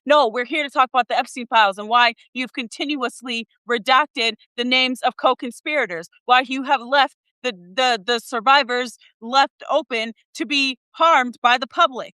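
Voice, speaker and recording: A woman's voice: sits high, normal speed, hardly any pauses, sharp tone, clear, resonant tone, no room sound, rough recording. A woman hosting a live stream, reacting to a hearing in blunt, heated casual commentary and swearing freely.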